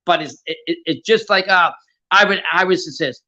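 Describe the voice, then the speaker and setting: A man's voice: high voice, moderate pace, bright, forceful tone. A man hosting a live fight reaction stream, swearing, stammering and answering chat comments.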